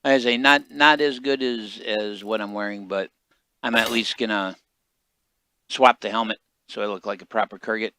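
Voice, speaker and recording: Gravelly man chatting over gameplay. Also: on the low side, fairly even intonation, normal speed, pushed and bright, no room sound. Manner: rambling, chatty asides. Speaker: game streamer. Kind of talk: casual gameplay commentary.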